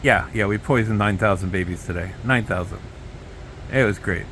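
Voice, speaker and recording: A man's voice: lowish voice, moderate pace, fairly bright tone, a little hiss or hum, pitched below the performer's own voice, close to an everyday voice. A man putting on a mocking impression of a boastful older male politician who brags in superlatives.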